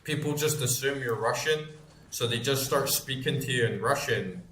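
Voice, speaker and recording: A man's voice: medium pitch, normal speed, sharp tone, echoey room, slight background noise. A Scottish man in his thirties, a gaming streamer chatting casually and rambling as he plays, swearing freely. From Scotland. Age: 30s. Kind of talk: casual chat while gaming.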